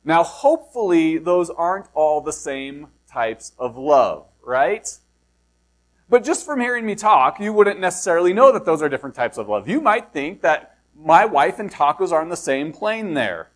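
A pastor with a high, light voice gives a sermon. He reads scripture in a slow, lowered tone, then shifts into casual explaining, asking his listeners questions and poking fun at himself. He sounds middle-aged. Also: big pitch swings. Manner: reads scripture slowly and low, then preaches conversationally with rhetorical questions; self-deprecating asides.

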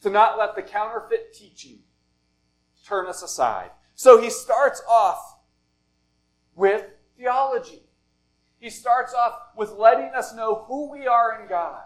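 A male pastor preaching a sermon in deliberate phrases, often falling soft and low at the end of a thought. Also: low-quality recording.

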